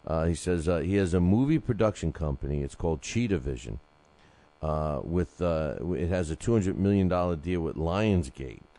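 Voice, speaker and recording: Low, mellow-voiced man rambling on boxing. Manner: rambling, many fillers and restarts; reads listener emails aloud. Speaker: boxing podcast host. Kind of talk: casual solo commentary.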